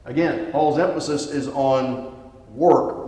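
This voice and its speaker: A man with a mellow, mid-range voice and a Southern US accent leads a Bible study a little slowly, chatting casually and questioning the class. It takes place in a church classroom also streamed online, recorded with long hall reverb.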